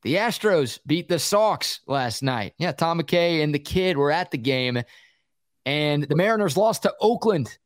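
A man co-hosting a sports talk radio show, breaking down the standings with energy and quick stats in a studio. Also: fairly high pitch, expressive, dry recording. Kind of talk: casual sports talk and analysis.

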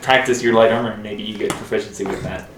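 A man's voice: on the low side, steady tone, quick pace, recorded from a distance, background noise. A man playing a tabletop game, talking in an easygoing way. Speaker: player. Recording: echoey room, music clear.

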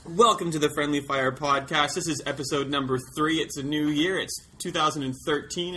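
A man's voice: fairly high pitch, steady tone, brisk, few pauses, background noise. A man hosting a casual gaming podcast, chatty and self-deprecating, laughing often. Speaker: podcast host.

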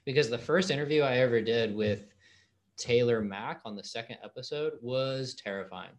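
A man hosting a casual podcast interview, upbeat and quick with slangy reactions. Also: medium pitch. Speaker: podcast host.

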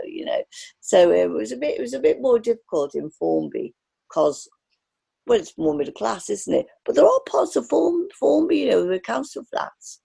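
A woman's voice: on the low side, big pitch swings, moderate pace, gravelly, dark tone, husky, low-quality recording. A woman from the area, an artist reminiscing in a rambling interview full of restarts. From Liverpool area, England. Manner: rambling, many fillers and restarts. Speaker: artist guest.

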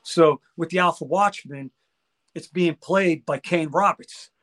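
A man guest in a casual chat, telling a story excitedly and acting out the dialogue. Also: fairly high pitch, a little slow. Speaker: guest musician.

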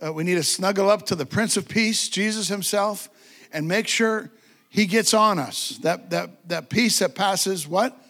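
A man with a notably high-pitched voice, preaching with fervent, conversational energy. He drives his points home through repetition and chatty asides, often laughing and acting out little quotes. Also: unhurried, fairly bright tone. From United States. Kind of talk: sermon.

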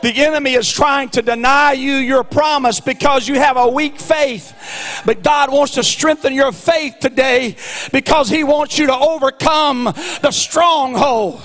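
High-voiced preaching pastor, fervent and slow. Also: male voice, fairly even intonation. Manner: impassioned preaching, swings from soft to shouting; stretches key words out slowly. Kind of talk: sermon. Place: church sanctuary.

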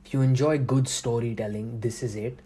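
Brief: young male podcast host, dark mellow voice, loose and profane, emphatic rants. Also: mid-range voice, steady tone, fairly quick, breathy edge. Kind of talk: casual podcast monologue.

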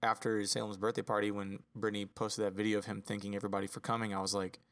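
A man speaks as a father in a relaxed podcast conversation, earnest and easygoing. His voice sits on the low side, and he fills his sentences with casual asides. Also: quick pace. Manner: earnest, relaxed, says "you know" a lot. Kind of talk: casual chat.

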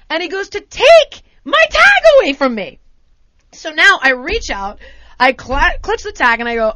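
A woman's voice: measured pace, no room sound. An American woman hosting a casual chat, telling a story animatedly and acting out the people she quotes. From United States. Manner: animated, acts out quotes with big pitch swings.

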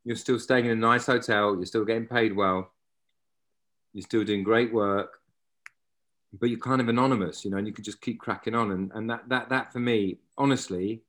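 A man's voice: on the low side, a bit bright. A man, a guest actor telling rambling stories in casual chat and often breaking off mid-sentence. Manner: rambling, self-interrupting, anecdotal.

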